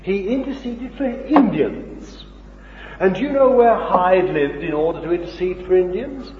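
Guy preaching a sermon, kinda high voice, slow and fired up, muffled old tape. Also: animated, noisy background. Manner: impassioned, swings between loud and hushed, rhetorical questions. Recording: dull old recording in an echoey hall.

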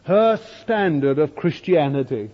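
A male preacher delivering a sermon as a dramatic storyteller, swinging from loud to hushed. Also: a little high, animated, unhurried. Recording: dull, echoey old hall recording.

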